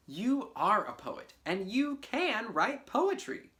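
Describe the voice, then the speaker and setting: A woman's voice: on the high side, big pitch swings, slow, fairly bright tone, a little hiss or hum. A woman teaching artist giving a playful, encouraging poetry lesson to children, speaking directly to them. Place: home video for a virtual class.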